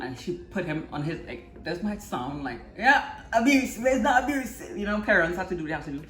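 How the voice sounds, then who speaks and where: A Trinidadian woman in her twenties telling stories and chatting casually while she cooks, going quiet for cooking asides. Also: fairly low pitch, sing-song, brisk, hardly any pauses, roomy sound, soft background music. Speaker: channel host cooking. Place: home kitchen.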